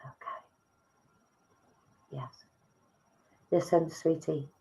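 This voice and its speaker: A woman giving live psychic readings, soft and emotive, calling listeners darling. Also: deep voice, steady tone, drawn-out words, rough recording. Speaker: psychic medium.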